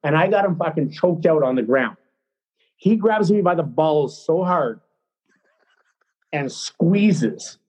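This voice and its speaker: A middle-aged man, a former hockey player, telling a story as a podcast guest in a blunt, excitable, profane way. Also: a little high, moderate pace, husky, low-quality recording. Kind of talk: casual storytelling.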